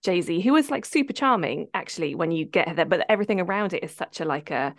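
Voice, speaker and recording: A woman's voice: lowish voice, expressive, quick pace, no echo, studio quality. A woman co-hosting a podcast, telling stories in a chatty way full of fillers and laughter. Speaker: podcast co-host. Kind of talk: casual interview chat.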